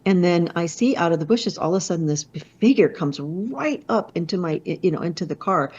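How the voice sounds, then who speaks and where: A woman who is a motivational speaker, telling a personal story in an expressive way, with many restarts and asides. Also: fairly low pitch, a little fast, husky. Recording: slightly muffled lo-fi audio.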